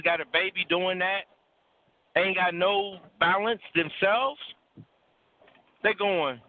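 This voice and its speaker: A man speaking bluntly and preachily, with profanity and repeated words for emphasis, in a casual talk about relationships over a call. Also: high-pitched. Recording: tinny phone-like line.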